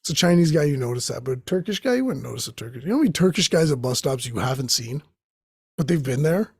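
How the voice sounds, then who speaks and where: A man's voice: mid-range voice, animated, fast, slightly rough, dry recording, studio quality. A young man hosting his own show, riffing profanely in a rambling comedic monologue that jumps between tangents. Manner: profane, tangent-jumping, acts out quoted voices. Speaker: host.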